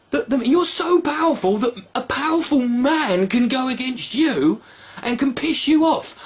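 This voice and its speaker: A young man, a video blogger, delivering a sarcastic, profane rant with animated outbursts. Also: extremely high pitch, husky.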